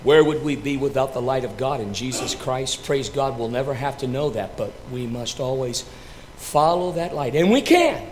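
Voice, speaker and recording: A man, a pastor, telling a story dramatically before leading communion, swinging between loud and hushed delivery. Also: mid-range voice, lively intonation, normal speed, slight background noise.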